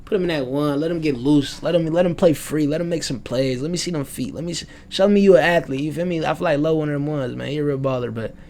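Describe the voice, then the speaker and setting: A man's voice: fairly high pitch, fast, few pauses, darkish tone, slight background noise. A young man at home, rambling loosely in slang through his sports predictions as a casual vlogger. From United States. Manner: loose, slangy, rambling and self-aware about rambling.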